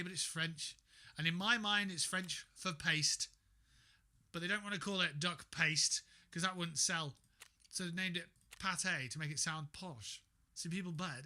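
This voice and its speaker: A man's voice: high voice, normal speed, sharp tone. A man chatting casually on a gaming livestream, sarcastic and swearing a lot, talking to himself as he reads things out. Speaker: streamer.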